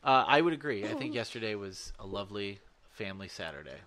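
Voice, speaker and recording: A man's voice: lowish voice, expressive, quick pace, crowd noise. A man hosting a casual family vlog at home, joking and teasing with playful swearing.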